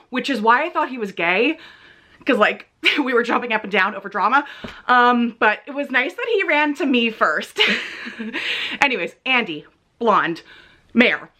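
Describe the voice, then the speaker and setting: A woman's voice: a little high, sharp tone. A young woman vlogger telling a gossipy story in a casual, chatty way, acting out what people said.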